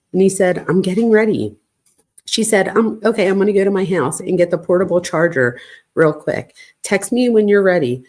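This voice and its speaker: A woman hosting a true crime channel, casually reading a string of text messages aloud at home and stopping now and then to settle her dog. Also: medium pitch. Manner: reads texts flatly, breaks off to calm her barking dog. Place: home, at night.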